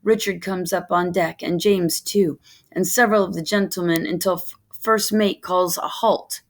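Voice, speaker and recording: A woman reading a children's novel aloud in steady first-person narration. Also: fairly low pitch, normal speed. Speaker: reader of a novel.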